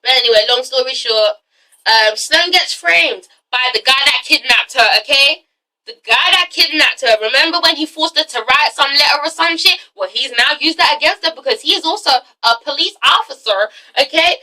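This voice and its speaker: Woman, casual vlog recap, animated, profane, very bright tone. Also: high voice, moderate pace, distant mic, low-quality recording. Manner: animated, profane, acts out characters' lines with laughter. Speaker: TV show reviewer.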